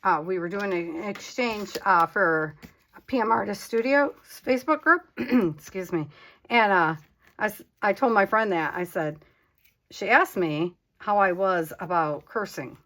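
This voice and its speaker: A woman's voice: mid-range voice, a little slow, fairly bright tone. A woman hosting a casual crafting vlog, chatting candidly and talking to her supplies as she works. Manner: self-deprecating and candid. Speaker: crafting channel host.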